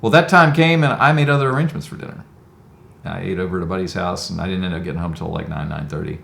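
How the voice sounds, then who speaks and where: A man in his fifties with a very low voice recounts his own story in a thoughtful, conversational way, often pausing with "um". The sound is roomy with a noticeable echo. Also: gravelly, fairly bright tone, a little hiss or hum. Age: 50s. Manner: reflective, conversational, many "um"s. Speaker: interviewee. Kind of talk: personal storytelling.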